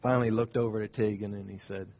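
A man preaching a sermon, telling a story as he builds to loud points and drops to quiet ones. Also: on the low side, steady tone, fast talker. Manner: storytelling, rising and falling in volume. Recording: dull sound in a reverberant hall.

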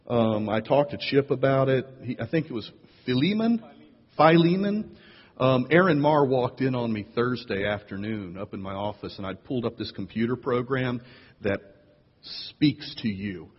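A man preaching a sermon as pastor, playful and animated, jumping up in pitch to tease and draw in his listeners. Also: moderate pace, breathy edge. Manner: playful, animated storyteller with big jumps in pitch. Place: church sanctuary. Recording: lo-fi echoey hall recording.

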